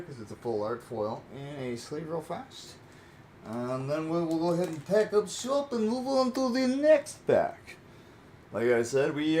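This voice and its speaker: A man's voice: mid-range voice, a little mellow, a little hiss or hum. A man hosting his own channel, chatting casually as he opens trading card packs and repeats his reactions. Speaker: channel host. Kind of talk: casual card-opening chat.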